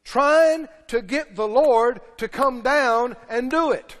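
Man preaching, pretty high voice, shouts and drags out the key words, big echoey church sound. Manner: preaching with shouted emphasis and slow, drawn-out stresses; mimics pleading believers in low, soft voices. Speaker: pastor. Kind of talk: sermon. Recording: long church reverb.

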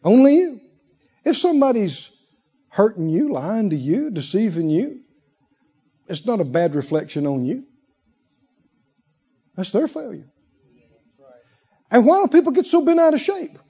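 Husky, lively male preacher, slow delivery. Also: sits high, muffled recording. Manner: emphatic, rhetorical questions, drawn-out pauses. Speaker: pastor. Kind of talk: sermon.

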